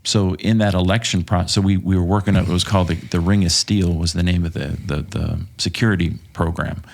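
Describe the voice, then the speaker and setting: Podcast guest from Texas, ex-cop, husky voice, profane and halting storyteller. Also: male voice, low voice, steady tone. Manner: profane, hesitant with many fillers. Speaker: podcast guest, former police officer. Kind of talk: casual storytelling.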